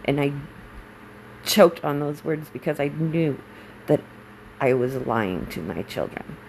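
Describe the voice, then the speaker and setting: Gravelly-voiced woman speaking bluntly. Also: deep voice, expressive, slow, darkish tone, slight background noise, rough recording. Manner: emotional, blunt, swears when angry. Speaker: military spouse vlogger. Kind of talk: candid personal monologue.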